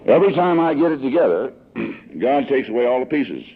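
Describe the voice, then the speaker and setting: A man's voice: mid-range voice, very animated, fairly quick, noisy background. A man in his sixties telling his recovery story to a meeting, in a folksy, emotional storytelling manner, on an old tinny tape recording. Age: 60s. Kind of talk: personal recovery talk to a meeting. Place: meeting hall.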